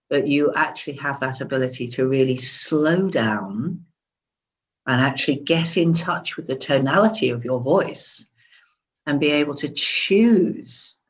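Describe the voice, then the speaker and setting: A woman talking as a wellbeing specialist in a casual conversation, animated and demonstrative, laughing often. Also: deep voice. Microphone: seated at a chair.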